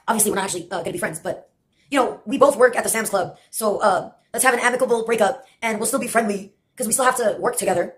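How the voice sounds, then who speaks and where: High-pitched woman, late twenties, rambling monologue, swears constantly, sardonic. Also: fast, a bit bright, a little hiss or hum. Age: late 20s. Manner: laughs mid-sentence.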